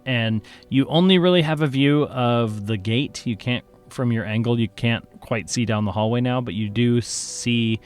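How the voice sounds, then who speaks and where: A man narrating a tabletop game as game master, playful and making sound effects. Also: mid-range voice.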